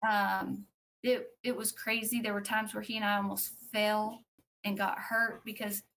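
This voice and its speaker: A woman, a podcast guest, tells a personal story in a conversational way, acting out what others said and pausing with fillers. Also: mid-range voice, vocal fry. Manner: animated, acts out quoted speech; frequent fillers and restarts.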